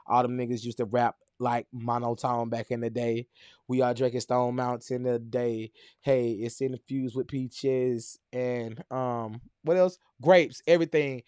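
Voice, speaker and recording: A man's voice: medium pitch, steady tone, measured pace, a little mellow, clear, resonant tone, dry recording, clean studio sound. A man co-hosting a podcast in loose, joking casual chat, reading out sponsor plugs. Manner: loose and joking, breaks into shrieks and laughs. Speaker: podcast co-host.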